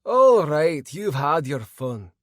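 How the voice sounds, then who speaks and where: A gruff Scottish dwarf guard barks out orders with stern authority, as a male narrator puts him on. The voice rises high and loud above his usual reading, and the rasp never leaves it. It sits in a dry booth with no room sound. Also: very animated, takes it slowly, no echo. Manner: stern, commanding.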